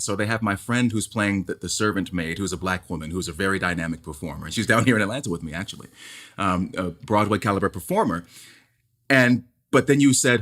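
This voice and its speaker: A male stage actor with a baritone voice, talking candidly and emphatically in conversation, often repeating words as he builds a point. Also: quick pace, a bit bright.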